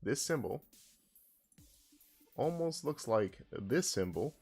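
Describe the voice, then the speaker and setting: A man streaming a casual language lesson, who swears in loud outbursts and reads chat aloud. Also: medium pitch, sing-song, slow pace, husky, faint music behind. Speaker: streamer teaching Japanese.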